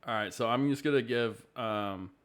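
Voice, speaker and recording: A man's voice: medium pitch, normal speed, fairly bright tone. A man playing a tabletop game over a video call, easygoing and self-mocking. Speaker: player. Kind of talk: casual tabletop game play.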